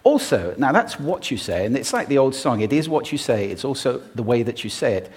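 A man giving a talk on stage to a live audience, playful and expressive, demonstrating vocal techniques as he speaks. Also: mid-range voice, a little fast.

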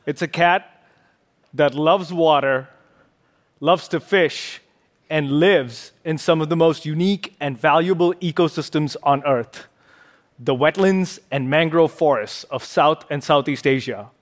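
Male conservationist giving a live stage talk, playful and punning, slightly high voice. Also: a little slow. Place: large auditorium stage.

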